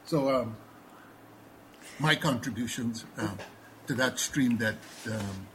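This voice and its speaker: A man with a Guyanese accent speaking as a panelist in a discussion, measured and professorial with frequent hesitations. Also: medium pitch, a bit bright, slight background noise, rough recording.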